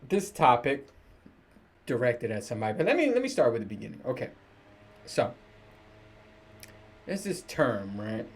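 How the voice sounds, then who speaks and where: A man's voice: mid-range voice, very animated, moderate pace, long pauses. A man in his thirties, a podcast host, rants casually to the camera, swearing and laughing as he goes. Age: 30s. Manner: profane, joking, laughs often. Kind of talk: casual solo rant to camera.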